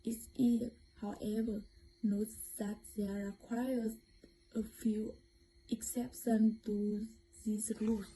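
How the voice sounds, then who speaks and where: A young woman with a Vietnamese accent presents a lesson as a student, reading slowly and carefully, now and then stumbling and starting over. Her voice is dark and mellow and sits a little high, with a flat, even melody. A faint hiss of background noise runs under the recording. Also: poor audio. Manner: careful, halting reading with restarts.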